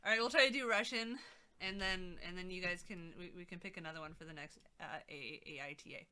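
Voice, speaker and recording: Une femme qui anime un stream en direct et bavarde de façon décousue, avec des remarques sarcastiques. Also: female voice, fairly low pitch, quick pace, pushed and bright, clean tone. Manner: rambling, sarcastic asides. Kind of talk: casual live-stream chat.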